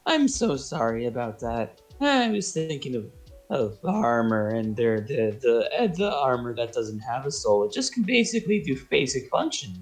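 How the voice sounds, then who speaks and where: A man voicing an anxious male gnome wizard, high-pitched with voice cracks, rambling and apologetic, in a streamed tabletop game. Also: very animated, normal speed, faint music behind. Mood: flustered.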